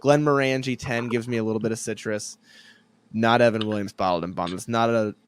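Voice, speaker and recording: A young man hosting a casual podcast, relaxed and chatty, laughing often. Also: fairly low pitch, a little fast, smooth. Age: young adult. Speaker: podcast host.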